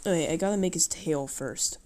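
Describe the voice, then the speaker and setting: Woman streamer, very warm and mellow tone, casual self-talk while drawing. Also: low-pitched, brisk. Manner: mutters to herself casually, swears. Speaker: livestreaming artist.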